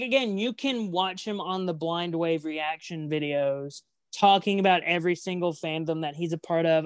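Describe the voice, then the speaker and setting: A lowish female voice, free of echo, belongs to a co-host on a casual podcast. Rambling as she calls her match predictions, she sounds talkative and teasingly competitive.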